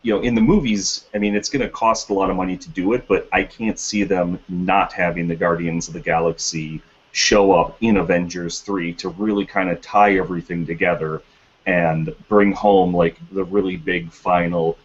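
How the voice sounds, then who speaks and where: Low husky guy on a podcast, kinda muffled lo-fi sound, argues his take. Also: fairly even intonation, normal speed. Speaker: podcast co-host. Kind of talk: casual chat. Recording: dull lo-fi podcast audio.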